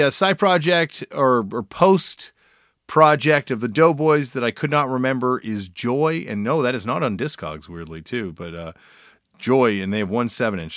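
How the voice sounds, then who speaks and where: A man's voice: medium pitch, fairly bright tone, no room sound, studio quality. A man hosting a podcast, giving a casual, enthusiastic intro full of fillers and restarts. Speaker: podcast host.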